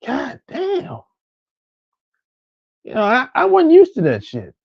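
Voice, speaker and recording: A man's voice: very high voice, huge pitch swings, fairly quick, creaky, dry recording, highs cut off. A man ranting casually, profane and repetitive, often laughing at his own stories. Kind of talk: casual rant.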